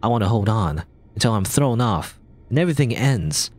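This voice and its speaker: Animated man reading a game aloud. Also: lowish voice, moderate pace. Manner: animated, playful, voices characters. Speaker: let's play host.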